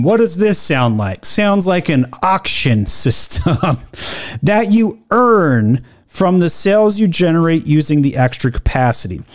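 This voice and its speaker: Blunt, sarcastic man with a slightly high voice. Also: a little mellow. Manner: reads quoted policy text slowly, then riffs. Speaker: e-commerce commentator. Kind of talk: opinionated business commentary.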